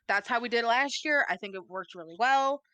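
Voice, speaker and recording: A woman's voice: a little high, lively intonation, brisk, pushed and bright, no room sound. A woman co-hosting a podcast in casual chat, playful and rambling, swearing freely. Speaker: podcast co-host. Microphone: desk mic, typing nearby.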